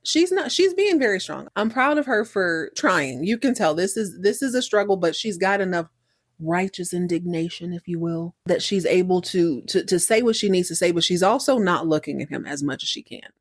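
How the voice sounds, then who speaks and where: Lowish-voiced lady ranting thru a tv recap, very opinionated, dead dry room. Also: lively intonation, normal speed, dry recording. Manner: outspoken, emphatic, restarts with repeated words. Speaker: podcast host. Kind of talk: casual TV episode recap.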